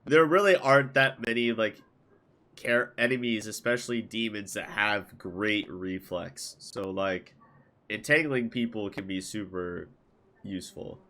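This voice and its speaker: A man's voice: fairly low pitch, a little slow, sharp tone. A man guesting on a gaming podcast, talking casually and leaning heavily on "like". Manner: casual, heavy use of "like".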